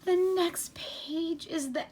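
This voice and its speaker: A woman voicing Grover, a fretful, excitable furry male monster, as she reads a picture book aloud. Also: slow pace, crowd noise. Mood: scared whisper. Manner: frantic pleading, high-strung storybook voice.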